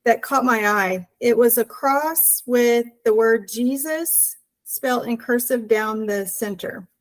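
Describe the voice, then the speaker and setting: A woman's voice: fairly high pitch, takes it slowly, low-quality recording. A woman telling an earnest personal story as an interview guest, acting out the dialogue as she goes.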